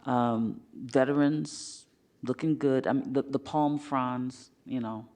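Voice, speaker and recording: A man's voice: medium pitch, fairly even intonation, takes it slowly, a little mellow. A man commissioner giving a casual, rambling report at a city meeting into a podium microphone. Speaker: parks commissioner. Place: city council chamber.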